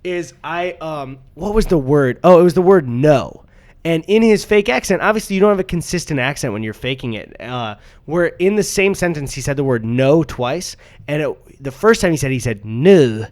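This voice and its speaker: A man's voice: fairly high pitch, animated, moderate pace, darkish tone. A young man co-hosting a podcast in casual chat, rambling through stories with frequent laughs and swearing. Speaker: podcast co-host.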